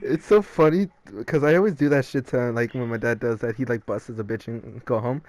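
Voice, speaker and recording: A man's voice: mid-range voice, fairly quick, a little mellow, a little hiss or hum. A young man co-hosting a podcast, casually telling profane stories full of "like" and loose asides. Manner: loose, profane storytelling with frequent "like" and laughs. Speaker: podcast co-host. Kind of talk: casual chat.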